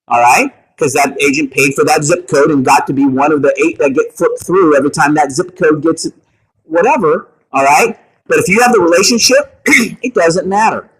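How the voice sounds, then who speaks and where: Husky man coaching a sales meeting. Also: a little high, poor audio. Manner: energetic, keeps checking in with the room. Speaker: meeting leader at a realty office. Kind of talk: coaching talk to agents.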